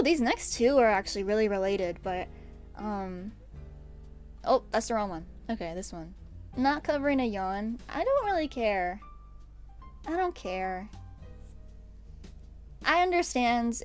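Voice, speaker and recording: In a mid-range, darkish voice, this young American streamer rambles through a casual chat about her pet peeves, ranking them. She grows exasperated now and then and bursts out laughing.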